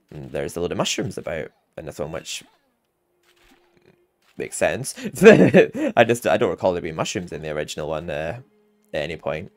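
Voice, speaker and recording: Low-voiced guy rambling over his game walkthrough, lively up and down, faint game music. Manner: rambling, chatty, often laughing. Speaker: gaming channel host. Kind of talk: casual game walkthrough commentary.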